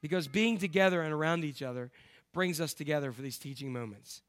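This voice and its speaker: Male pastor, higher voice, lively sermon delivery with big swings in volume. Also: brisk. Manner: animated storytelling, swings between loud emphasis and quiet asides.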